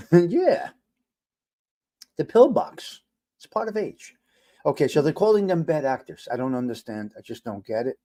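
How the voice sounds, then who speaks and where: Middle-aged male livestream host, exasperated ranter, loud bursts and quiet mutters. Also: on the high side, normal speed. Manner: animated, exasperated ranting with swearing. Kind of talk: casual livestream talk reacting to chat.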